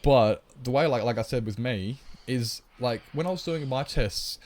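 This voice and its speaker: A man's voice: mid-range voice, normal speed, a little mellow. A man livestreaming a game, talking casually and at length while answering his chat. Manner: rambling, chatty, explains at length; reads and answers chat comments.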